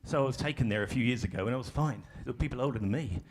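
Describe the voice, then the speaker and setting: A man's voice: medium pitch, very fast. A man leading a live workshop for an audience in a ballroom, in a conversational way with self-deprecating humor. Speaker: workshop facilitator. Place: large ballroom stage.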